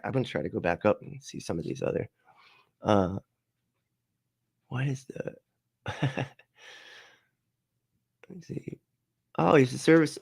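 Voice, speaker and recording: A man's voice: medium pitch, gravelly, a little mellow, no echo, studio quality. A man hosting a livestream, giving casual reaction commentary in a profane, sarcastic way and laughing often. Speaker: livestream host.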